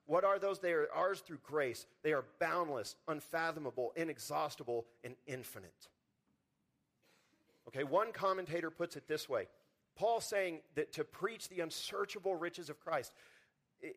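Male pastor, sermon delivery, slightly high voice, lively swings from loud to hushed, repeats words at starts. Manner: animated preaching, swings from loud emphasis to quiet low lines.

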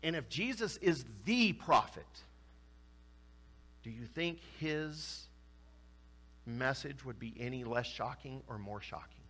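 Bright-voiced man preaching a sermon. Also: mid-range voice, slow, pauses often. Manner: animated, acts out quoted voices with rising intensity. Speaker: pastor.

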